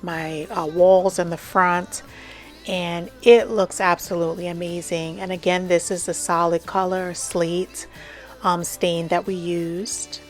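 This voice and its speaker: A woman hosting a home and garden vlog, talking casually and enthusiastically while showing her porch outdoors. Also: fairly low pitch. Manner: enthusiastic, chatty with fillers.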